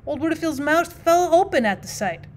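Expressive woman reading a classic story. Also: high-pitched, normal speed, a little hiss or hum. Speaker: teacher reading aloud. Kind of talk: audiobook narration.

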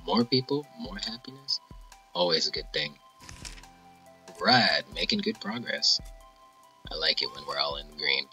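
A man's voice: very deep voice, expressive, unhurried, pauses often, sharp tone, faint music behind. A man casually commenting while playing a game, goofy and playful. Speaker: gamer, video creator. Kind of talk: let's play commentary.

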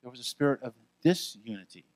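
Animated man preaching a sermon. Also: mid-range voice, fast, no room sound. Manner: animated, conversational preaching with frequent asides. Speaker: pastor. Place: church.

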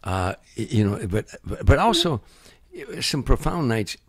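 Husky older man telling lively stories. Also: medium pitch, normal speed, no echo, studio quality. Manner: acts out other people's voices and sound effects, lively storyteller. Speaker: comedian guest telling stories. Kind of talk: animated anecdote telling.

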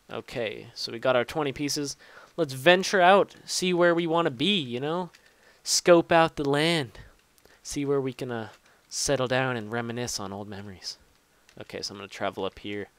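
Rambling through casual gameplay commentary, this young man, a gaming YouTuber, curses often and mocks himself. His voice is mid-range and a bit bright, and the recording has no echo.

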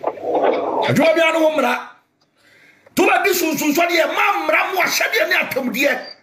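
A man with a Ghanaian accent preaching in a loud, fiery rant, often shouting. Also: extremely high pitch, measured pace. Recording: echoey room, faint noise.

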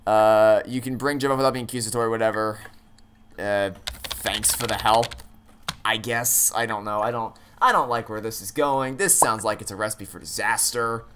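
A man's voice: fairly low pitch, steady tone, moderate pace, a bit bright, a little hiss or hum. Stammering man thinking aloud over a game. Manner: casual swearing. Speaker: let's play gamer. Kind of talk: casual game commentary.

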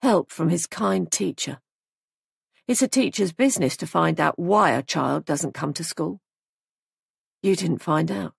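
A smug young man posing as a police sergeant, talking slowly with cold menace, as a woman narrator voices him. The voice sits low and gravelly with a husky edge. The recording is close and dry. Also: expressive, dry recording, full character voice. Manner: slow, smug and coolly menacing.

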